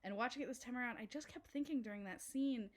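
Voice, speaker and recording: A woman co-hosting a podcast, chatting casually about a film, animated and laughing as she mimics characters. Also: on the high side, fast talker. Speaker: podcast co-host. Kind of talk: casual film-review chat.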